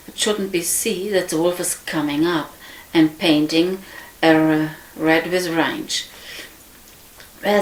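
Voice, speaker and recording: A woman reading a fairy tale aloud in an unhurried manner, with frequent slips and restarts. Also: on the low side. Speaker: storyteller. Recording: echoey room.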